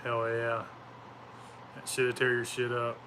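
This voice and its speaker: A man's voice: mid-range voice, monotone, slow pace, noisy background. A man chatting casually outdoors at home, telling rambling, profane stories and laughing often. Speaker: vlogger. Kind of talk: casual chat.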